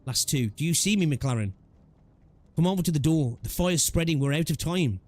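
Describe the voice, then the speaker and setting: A man's voice: a little high, animated, moderate pace, a little mellow, voice pushed up. A man voicing a determined young woman who rescues a frightened friend, read in a plain urgent voice.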